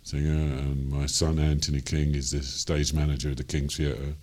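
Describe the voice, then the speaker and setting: A man's voice: rumbling low, little pitch movement, normal speed, darkish tone. An older man with a Cockney accent, a jazz singer telling stories from his life in a rambling way, full of ums and you-knows, chuckling as he goes. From London, England. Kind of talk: interview storytelling.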